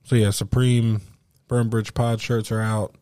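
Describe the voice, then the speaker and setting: A man hosting a home podcast, telling an animated, profane story in casual chat and acting out the voices of the people he quotes. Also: on the low side, a little slow, no echo, studio quality. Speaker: podcast host.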